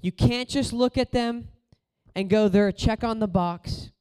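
A man preaching a sermon in a casual, conversational way, telling stories and moving between loud exhortation and quiet, low moments. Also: a little slow, clean tone.

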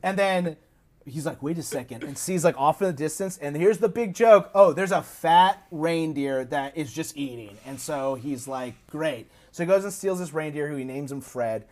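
A man chatting as a podcast guest, animatedly retelling a film plot and slipping into quick put-on voices for the characters. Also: on the high side. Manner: animated, recounts plots with quick put-on quotes. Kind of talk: casual storytelling chat.

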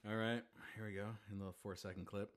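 A man's voice: lowish voice, little pitch movement, fast talker. A man co-hosting a podcast in loose, rambling casual chat, laughing and swearing often. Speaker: podcast co-host.

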